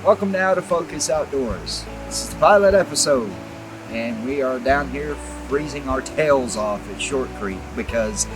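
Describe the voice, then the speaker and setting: A man's voice: mid-range voice, low-quality recording. Folksy man hosting outdoors in winter. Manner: joking, rambling, folksy. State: cold, shivering. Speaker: outdoor show host. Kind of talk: casual outdoor vlog talk.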